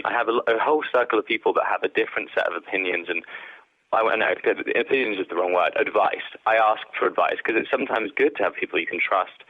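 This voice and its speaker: A low-voiced man talks reflectively in a relaxed interview, his words steady and sincere. The sound is dry and narrow, as if it comes down a phone line. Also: no room sound. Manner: reflective, earnest, with many fillers. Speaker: guest actor. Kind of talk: casual interview chat.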